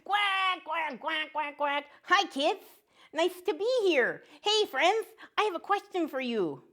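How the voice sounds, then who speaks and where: A woman's voice: extremely high pitch, very animated, unhurried, a bit bright, heavily acted. A woman voicing a joke-loving male mallard duck who tells puns and quacks between lines in a children's show. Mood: jokey. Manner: punny, bursts into quacking.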